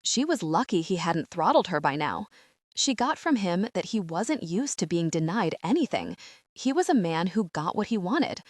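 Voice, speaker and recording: A woman reading a romance audiobook in a measured, steady storytelling voice. Her pitch is on the lower side, and the studio sound is dry and close with no echo. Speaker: audiobook narrator. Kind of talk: scripted audiobook narration.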